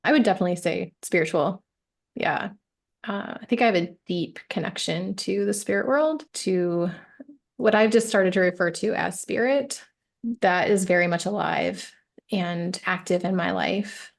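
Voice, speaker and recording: A woman's voice: fairly low pitch, moderate pace, gravelly. A woman coach talking as a podcast guest, reflective and emphatic, often checking in with "right?". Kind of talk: casual interview chat.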